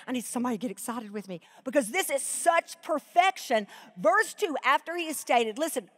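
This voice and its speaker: A middle-aged woman preaching a sermon at a live event, emotional and choked up, swinging between soaring emphasis and hushed reading. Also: high voice, animated, a little fast, hardly any pauses. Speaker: Bible teacher.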